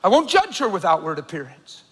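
A man preaching a sermon as a pastor, telling a story with loud excited bursts and hushed earnest stretches. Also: high-pitched, fairly quick, husky. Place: large church hall. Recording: reverberant church hall.

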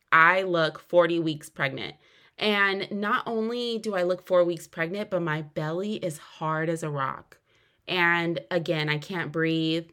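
A woman's voice: fairly low pitch, pushed and bright. A young woman hosting a podcast, telling her own story earnestly, with sudden emphatic rises. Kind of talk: personal storytelling.

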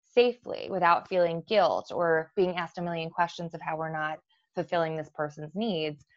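A woman therapist speaks in a fairly low voice, working through ideas with frequent fillers and restarts. The sound is dry and close, with a slightly muffled, dull quality. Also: fairly even intonation, normal speed, dry recording. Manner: explanatory, with many fillers and restarts. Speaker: therapist guest. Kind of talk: professional conversation.

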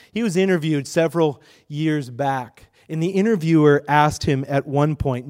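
High-voiced man preaching a sermon. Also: darkish tone. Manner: emphatic, rhetorical questions to the congregation. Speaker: pastor.

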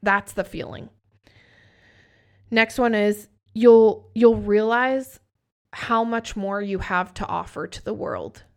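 A woman's voice: medium pitch, slow pace. A woman in her thirties, a host and coach, talking candidly and emphatically in a motivational chat, swearing freely. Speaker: podcast host and business coach. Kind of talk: motivational casual talk.

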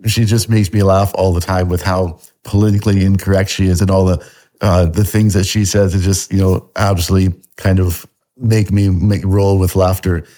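A man with a Canadian accent touched by a slight Scottish tinge, chatting casually as a podcast guest, pausing on fillers and restarting his sentences. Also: low-pitched, little pitch movement, mellow. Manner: halting, many fillers and restarts, laughs often. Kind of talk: casual interview chat.

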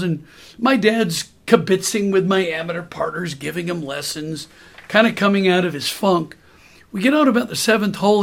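A man in his sixties, a podcast host, telling a story in a lively way and chuckling now and then. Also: sits high, creaky. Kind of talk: storytelling anecdote.

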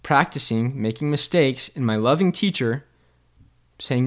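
A man's voice: mid-range voice, measured pace. A young man co-hosting a casual faith podcast, telling a personal story in an earnest, reflective way. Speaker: podcast co-host.

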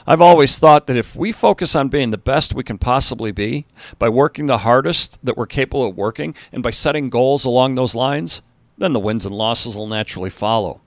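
A man voicing a passionate high school basketball coach giving an earnest, rousing pep talk to his team. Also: a little fast, dry recording, lightly acted.

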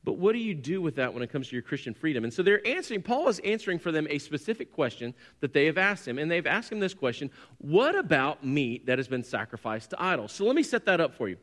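A man in his forties preaching a sermon, telling a personal story and swinging from quiet to loud, excited bursts. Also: fairly high pitch, fast talker. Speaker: pastor. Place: church hall. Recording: long hall reverb.

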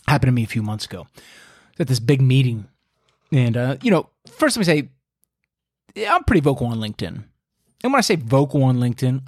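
A man's voice: medium pitch, dry recording, clean studio sound. A man giving a casual, folksy faith talk, preachy and full of fillers.

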